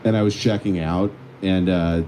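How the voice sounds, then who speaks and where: A man's voice: deep voice, normal speed, slight background noise. A man co-hosting a casual comedic chat, telling stories with lots of acted-out quotes. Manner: animated storytelling, acts out quoted voices. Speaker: podcast co-host.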